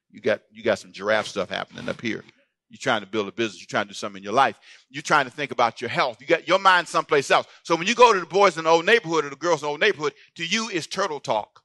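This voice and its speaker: Pastor, male, bright tense voice, playful preacher working the room, dry close sound. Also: mid-range voice, no echo. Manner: preachy, playful, calls to the congregation. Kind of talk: sermon.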